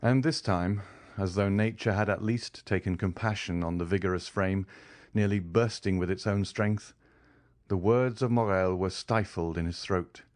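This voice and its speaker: A man narrating a classic novel as an audiobook, reading in a measured, even way. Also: deep voice, no room sound, studio quality.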